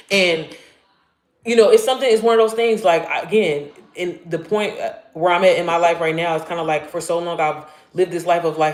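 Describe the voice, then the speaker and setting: A woman in her thirties chats casually on a live stream about faith and digital marketing, speaking briskly in an echoey room. She's candid, swears, laughs, and her voice swoops up high when she gets excited.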